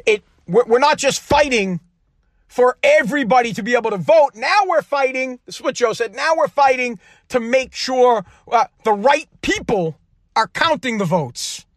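A man's voice: sits high, fairly bright tone, dry recording, clean studio sound. A man giving a heated, profane political rant, mocking the people he talks about. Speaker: political commentary host.

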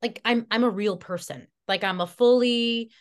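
A woman's voice: on the high side, normal speed. A woman guest in a casual podcast conversation, telling a heartfelt story with lots of fillers and restarts. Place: Connecticut.

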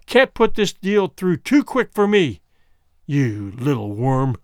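A man voicing a grim, forceful man who speaks bluntly and threatens his rival. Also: on the high side, sing-song, takes it slowly, dry recording, clean studio sound, heavily acted. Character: grim, forceful man defending a sick woman.

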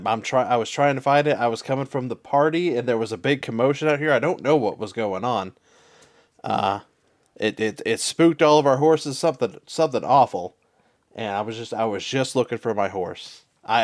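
A man's voice: medium pitch, normal speed, lightly acted. A man voicing a flustered young rider who stammers apologies about a lost horse.

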